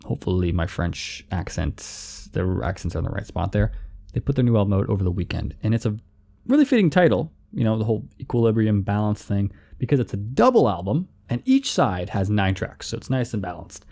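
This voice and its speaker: Man, music show host, playful and self-deprecating, gravelly voice, warm low timbre. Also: very animated, a little fast. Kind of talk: casual music commentary.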